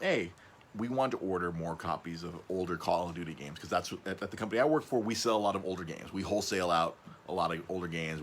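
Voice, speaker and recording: A man hosting a casual podcast, rambling, stumbling over and repeating his words, his voice jumping up when he gets excited. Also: deep voice, slight background noise. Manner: excitable, voice jumps up on emphasis. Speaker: podcast host.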